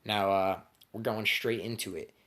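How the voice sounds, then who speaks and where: Crude, rambling young man, lowish voice. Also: steady tone, normal speed, fairly bright tone. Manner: crude, rambling, heavy on slang and swearing. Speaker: storyteller. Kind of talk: casual comedic storytelling.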